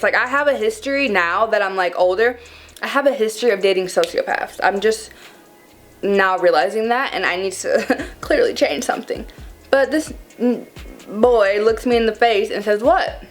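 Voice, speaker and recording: A woman in her twenties tells a personal story straight to camera, animated and dramatic, talking to her viewers as y'all. Her voice sits in an ordinary middle range. Quiet music plays behind her. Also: medium pitch, normal speed. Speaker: vlogger. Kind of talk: casual storytime chat.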